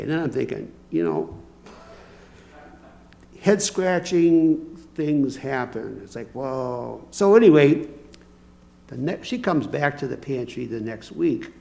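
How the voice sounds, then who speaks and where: A man's voice: medium pitch, vocal fry, a little mellow. An older man giving a conversational, storytelling talk at a church service, acting out bits of dialogue. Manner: folksy, anecdotal, acts out dialogue. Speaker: lay speaker at a church service.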